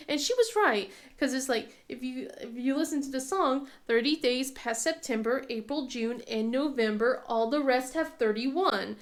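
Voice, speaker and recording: Woman in her thirties, casual craft vlogger, a touch high-pitched, chatty storyteller. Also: moderate pace, hardly any pauses. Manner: chatty, storytelling with many fillers and laughs. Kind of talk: casual chat while crafting.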